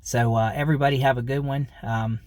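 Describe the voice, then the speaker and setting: A man's voice: medium pitch, steady tone, fairly quick, darkish tone, no room sound. Rambling man chatting to camera. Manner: rambling, repeats himself, frequent fillers and chuckles. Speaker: vlogger. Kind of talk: casual talk to camera.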